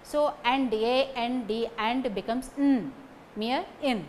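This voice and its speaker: A woman giving a recorded lecture on phonetics, speaking deliberately, repeating example sentences and checking in with "okay" between points. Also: fairly high pitch, darkish tone, a little hiss or hum, rough recording.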